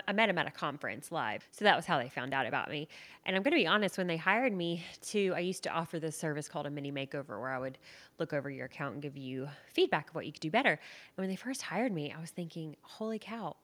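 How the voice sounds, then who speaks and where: Chatty woman podcast host, lowish voice. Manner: chatty and animated, laughs at herself. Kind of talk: casual solo podcast monologue. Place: home living room, seated on the floor.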